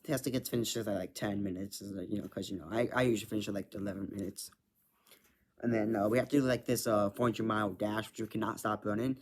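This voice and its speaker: A man's voice: on the low side, fairly even intonation, quick pace. A man rambling through a personal story in casual chat, full of filler words and frequent swearing. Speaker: vlogger.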